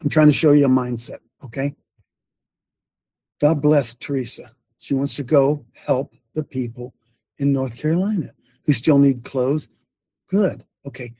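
A man preaching passionately to his congregation as host of the show, ranting with his voice leaping high when fired up. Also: measured pace, warm tone, husky, no echo.

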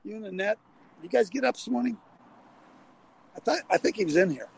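A man's voice: high voice, lively intonation, fairly quick, vocal fry, slightly rough, low-quality recording. Folksy older man hosting from a car. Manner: rambling, folksy, restarts often. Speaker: talk show host. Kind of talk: casual call-in chat.

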